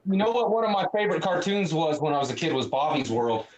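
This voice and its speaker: A man's voice: a little high, very animated, fast, crowd noise, low-quality recording. A man in casual livestream chat, thinking aloud in a musing, conversational way.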